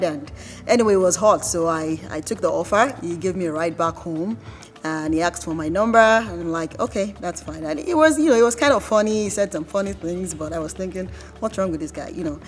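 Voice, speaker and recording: A woman, telling stories about her husband in a documentary interview and acting out the quotes. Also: on the low side. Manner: lively storytelling, acts out quotes. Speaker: wife.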